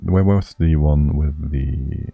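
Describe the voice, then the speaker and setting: A man's voice: very deep voice, slow, vocal fry, husky, no echo, narrow, tinny audio, faint music behind. A man streaming a strategy game live, thinking aloud and muttering to himself as he plays.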